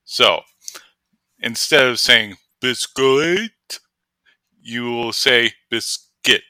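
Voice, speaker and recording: A man voicing an excitable male Australian outdoors presenter who rambles through a pronunciation lesson. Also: mid-range voice, extremely slow, smooth, dry recording, heavily acted. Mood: enthusiastic. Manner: excitable, rambling tutorial patter.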